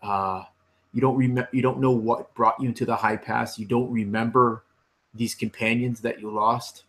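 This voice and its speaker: A man narrating as game master for a tabletop game, slow and halting with many fillers. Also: medium pitch, steady tone, fairly bright tone.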